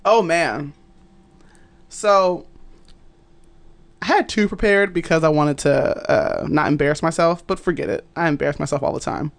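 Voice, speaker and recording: A woman's voice: sits low, normal speed, vocal fry, pauses often. A young adult woman, a podcast guest, telling a story in casual chat, laughing often and acting out the voices of people she quotes.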